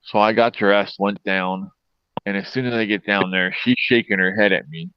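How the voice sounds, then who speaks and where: Middle-aged man, low voice, rambling profane storyteller, lo-fi dry sound. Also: steady tone, moderate pace, a little hiss or hum. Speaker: host. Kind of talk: casual storytelling chat.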